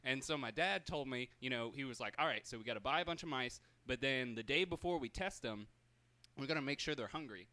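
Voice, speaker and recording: Young man, bright tone, relaxed chatty storyteller. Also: mid-range voice, a little fast. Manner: chatty, quotes his dad and himself. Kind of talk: casual storytelling among friends.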